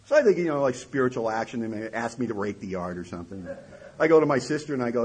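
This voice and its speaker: A middle-aged man telling a self-mocking story to an audience, wry and lively, with a husky voice. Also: mid-range voice, rapid-fire, low-quality recording. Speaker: recovery speaker.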